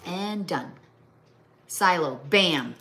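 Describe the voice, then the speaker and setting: A middle-aged Midwestern woman hosts a livestream from her home kitchen or craft table, chatting casually as she crafts. She rambles and breaks off to talk to her pets, her lowish voice expressive, pushed and bright, with drawn-out words.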